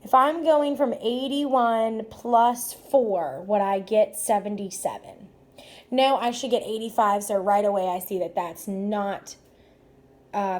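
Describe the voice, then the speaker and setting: A woman's voice: fairly high pitch, a little mellow. A woman teacher working through math problems aloud, step by step, in an upbeat, encouraging way. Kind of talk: math lesson walkthrough.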